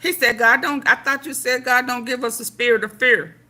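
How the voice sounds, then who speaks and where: A woman's voice: fairly high pitch, fairly even intonation, fairly quick, pushed and bright. A middle-aged woman hosting casual reaction commentary, emphatic and preachy, swearing freely. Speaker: commentary channel host.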